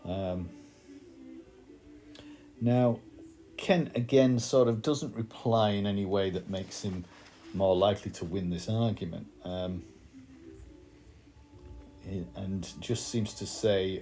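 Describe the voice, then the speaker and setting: Male literature teacher, deep mellow tone, chatty lesson delivery with ums. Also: takes it slowly, long pauses. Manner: conversational, thinking aloud with fillers and restarts. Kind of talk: explaining a play in a recorded lesson.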